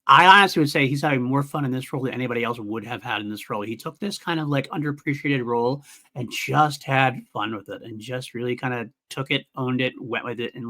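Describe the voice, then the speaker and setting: A man's voice: mid-range voice, sharp tone. A middle-aged man co-hosting a casual film review podcast, earnest and analytical with frequent chuckles. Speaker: podcast co-host.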